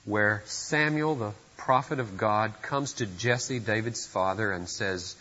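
A man's voice: on the low side, slow pace, few pauses, sharp tone, muffled recording. A pastor preaching a sermon at a church service, speaking earnestly and putting direct questions to his listeners.

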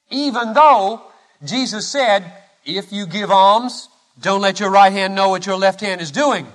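A male pastor preaching a sermon, impassioned and rhetorical, swinging from loud declarations to hushed lines. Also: high-pitched, unhurried.

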